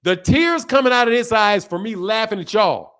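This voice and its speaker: A high-pitched man hosting a boxing talk show, ranting in a loose, heated way. He repeats himself, swears freely and jabs at his viewers with blunt scorn. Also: a little fast, a bit bright. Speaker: boxing channel host. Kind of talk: heated casual boxing commentary.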